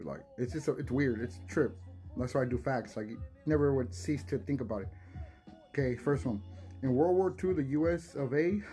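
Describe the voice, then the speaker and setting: A young man rambles through his podcast in a loose, unpolished way, swearing freely and chuckling between thoughts. His voice sits at an ordinary middle pitch, and faint music plays softly behind him. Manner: rambling, swears a lot, laughs often, restarts words. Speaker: podcast host. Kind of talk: casual solo podcast chat.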